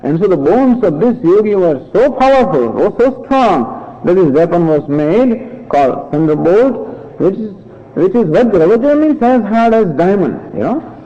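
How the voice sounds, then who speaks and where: High-voiced male teacher, mellow and muffled. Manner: patient, explanatory, with frequent restarts. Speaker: scripture teacher. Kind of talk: lecture explaining scripture. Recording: dull lo-fi recording.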